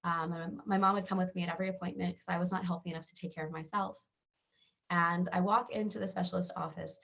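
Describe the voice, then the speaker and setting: A woman's voice: fairly low pitch, gravelly, a bit bright. Earnest woman telling her own story. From Georgia, US. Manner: earnest storytelling, acts out quoted voices. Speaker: wellness channel host. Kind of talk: personal story told to camera.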